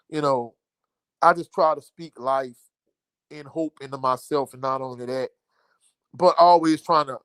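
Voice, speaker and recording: A man's voice: mid-range voice, fairly bright tone, smooth, no echo. A middle-aged man from Louisiana hosting a casual sports live stream, reading viewer comments aloud and repeating phrases for emphasis.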